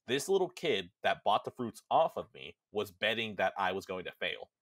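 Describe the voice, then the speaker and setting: A man's voice: fairly low pitch, big pitch swings, moderate pace, a bit bright, dry recording. A man voicing a blunt, wary young woman in a retold game story, in a grumbling manner. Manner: blunt, grumbling, swears when angry.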